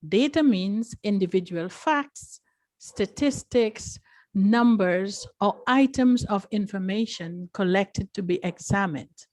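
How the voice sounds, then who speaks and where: A woman acting as grammarian at an online club meeting, explaining a word in a clear, instructive way. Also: medium pitch, slow pace, darkish tone, no echo.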